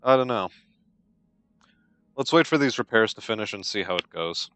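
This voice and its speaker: A man's voice: on the low side, expressive, moderate pace, fairly bright tone, a little hiss or hum. A young man giving casual let's-play commentary on a strategy game, with dry, wry understatement.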